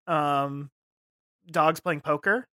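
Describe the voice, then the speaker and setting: A man's voice: a little high, extremely slow, bright, forceful tone, smooth, dry recording, studio quality. A man co-hosting a podcast, playful and giggly in improvised comedy chat. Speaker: podcast co-host.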